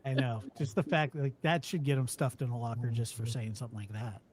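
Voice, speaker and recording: A man's voice: mid-range voice, fairly even intonation, fast talker, darkish tone. A man co-hosting a call-in show, chatting casually and making blunt, joking asides.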